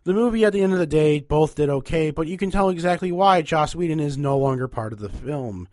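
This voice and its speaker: A man's voice: fairly high pitch, expressive, a little fast, a little mellow, dry recording, studio quality. A young man with a nasal voice hosting a casual, rambling podcast where he ranks movies. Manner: chatty, rambling, upbeat. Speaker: podcast host.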